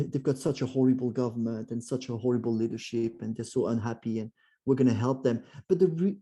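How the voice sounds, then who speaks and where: A man with a French accent giving a presentation to a club, often restarting and acting out quoted voices. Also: mid-range voice. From France. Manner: frequent fillers and restarts, animated quoted voices. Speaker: guest speaker.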